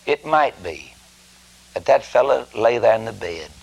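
A man's voice: medium pitch, expressive, a little slow, creaky, breathy edge, poor audio. A man preaching a sermon in a folksy, rambling, emphatic way, with many asides.

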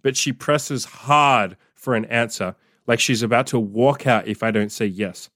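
Crude swearing podcast host. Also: male voice, mid-range voice, unhurried, fairly bright tone, no echo, studio quality. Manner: crude, swearing, exasperated asides. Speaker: podcast host and dating coach. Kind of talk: reading aloud and reacting to his own old story.

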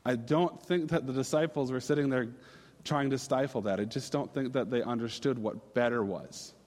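A man's voice: medium pitch, moderate pace, a little mellow, long reverb tail. A man in his thirties from Minnesota, preaching a casual, storytelling sermon with fillers and restarts. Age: 30s.

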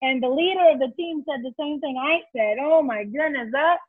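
Brief: high-pitched woman, animated storyteller, dry phone-like sound. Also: a little fast, no echo. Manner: animated storyteller, acts out quotes. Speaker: guest, children's ministry leader. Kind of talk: storytelling in a faith interview. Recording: tinny phone-like line.

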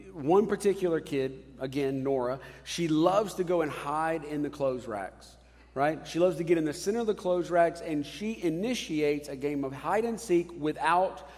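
A man in his thirties, a pastor, preaching a sermon in a conversational, animated way with casual asides. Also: on the high side, long reverb tail.

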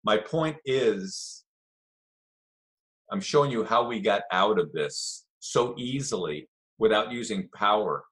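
A middle-aged man telling a story in a relaxed, chatty way, acting out the voices of the people in it. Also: on the low side, takes it slowly. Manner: animated storyteller, acts out quoted voices. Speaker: guest telling stories of early jiu-jitsu. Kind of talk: casual storytelling.

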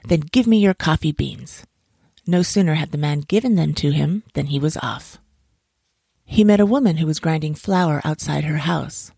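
A woman reads a children's folk tale aloud in a measured, expressive way. Her voice is low and gravelly. It is recorded close and dry, with no room sound. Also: no room sound. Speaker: storyteller. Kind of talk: storybook narration.

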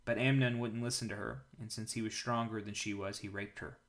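Calm low-voiced man reading scripture. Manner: calm, measured reading aloud. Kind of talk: daily Bible reading with prayer.

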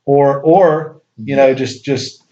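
A man's voice: medium pitch, slow pace, mellow, slight background noise. A man in casual podcast chat who rambles, laughs often and says "dude" a lot. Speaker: podcast guest author. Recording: dull lo-fi sound.

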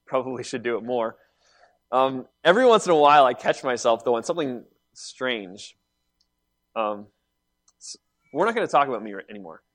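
A man preaching a sermon, reading scripture and explaining it with animated emphasis and quiet asides. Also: mid-range voice, moderate pace, long pauses. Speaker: pastor.

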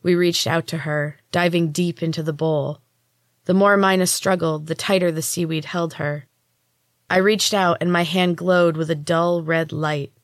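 A woman narrating a story in the first person, in an even, measured reading as a podcast host. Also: on the low side, no echo, studio quality.

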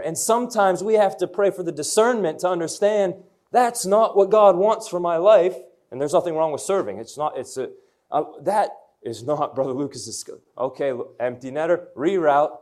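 A young man preaches an energetic sermon to young people with a slightly high voice. He tells personal stories and calls on the room to answer him. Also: moderate pace. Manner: energetic, storytelling, call-and-response. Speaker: youth pastor.

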